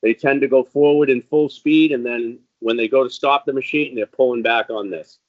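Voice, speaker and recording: A man's voice: mid-range voice, fairly even intonation, moderate pace, dull audio. Casual man giving equipment training. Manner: casual, rambling, frequent ums.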